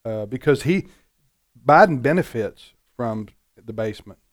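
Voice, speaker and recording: A man giving political commentary in casual panel talk, halting and repeating words as he starts his points. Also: mid-range voice, lively intonation.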